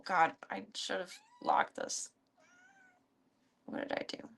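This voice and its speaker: A young woman streaming casually, chatting as she feeds her pets and calling to them in a high coaxing voice. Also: sing-song, takes it slowly, a bit bright. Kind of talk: casual chat while feeding pets.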